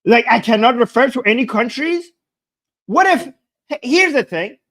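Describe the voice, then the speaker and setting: A man's voice: extremely high pitch, expressive, normal speed, fairly bright tone. A man giving a heated, sarcastic political rant to his viewers, repeating points and raising his voice. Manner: agitated, sarcastic, repeats himself. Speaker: political commentator. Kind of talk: ranting reaction commentary.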